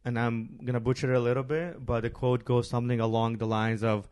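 An easygoing man talking on a podcast at a middle pitch. He explains his points casually, leaning on fillers as he goes. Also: steady tone, fairly quick, hardly any pauses, a little mellow, smooth. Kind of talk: casual chat.

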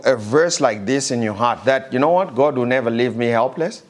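A man delivers a sermon with emphatic, rising stress, stretching out the scripture lines he reads aloud. Between readings he speaks more plainly, with some halting restarts. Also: mid-range voice. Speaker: preacher.

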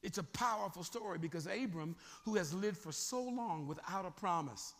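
Casting: lively male bishop preaching, high, bright and gravelly, in an echoing hall. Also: moderate pace. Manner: animated preaching, questions the congregation. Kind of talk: sermon.

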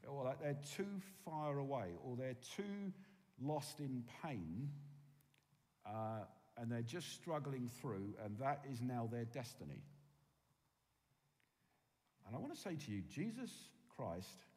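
A man preaching a sermon, swinging from loud emphasis to hushed, quiet tones. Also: mid-range voice, sing-song, takes it slowly, long pauses. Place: church hall with long reverb. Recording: reverberant hall.

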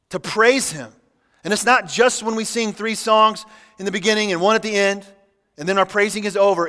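A man preaching a sermon as pastor, reading scripture aloud and adding relaxed, humorous asides. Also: high voice. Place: church sanctuary. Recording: church hall with long reverb.

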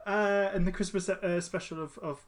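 A man's voice: high-pitched, fairly even intonation, moderate pace. A man chatting casually as a podcast co-host, rambling with many restarts and fillers. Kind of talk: casual chat.

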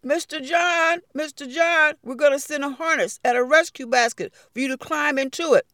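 A woman's voice: sits high, normal speed, a bit bright, no echo, studio quality, voice pushed up. A woman storyteller voicing a rescue worker calling out and pleading with an old man. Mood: urgent.

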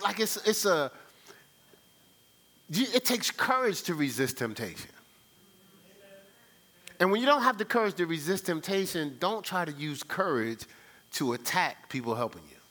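Pastor, male, lively sermon delivery, bright, acts out scenes in voices. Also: sits high.

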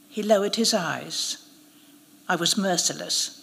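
Woman narrator, live story reading, measured and expressive, mid-pitched voice, long hall reverb. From United Kingdom. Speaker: narrator, actress.

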